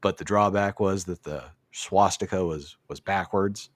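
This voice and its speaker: Here the podcast host sits low in pitch and takes his time. He chats casually about a wrestling match he's recapping, swearing freely and speaking bluntly.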